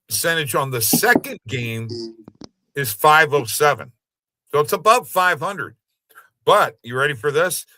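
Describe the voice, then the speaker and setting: A man's voice: medium pitch, bright, forceful tone, dry recording, poor audio. A man co-hosting a casual sports betting show, joking and trash-talking as he reads out stats.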